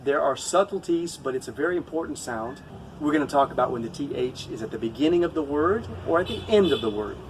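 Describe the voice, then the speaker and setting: A man who speaks English natively, teaching a pronunciation lesson to camera, patient and repeating each example slowly. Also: a little high, expressive, distant mic, a little hiss or hum, low-quality recording.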